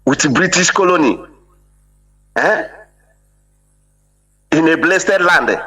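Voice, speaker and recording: An emphatic man speaks on a live call-in, keeping his pitch a little high and his tone bright and forceful. He keeps tossing in "eh?" to press his point. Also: lively intonation, slow, low-quality recording. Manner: emphatic, repeats "eh?" for agreement. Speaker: caller. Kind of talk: impassioned call-in speech.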